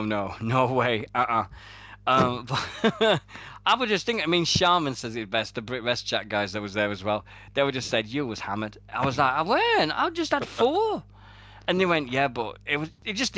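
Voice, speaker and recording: A man, hosting a casual wrestling radio show and telling stories with lots of swearing and laughter. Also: medium pitch. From Sheffield, England. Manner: animated storytelling with heavy swearing and laughter. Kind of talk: casual chat.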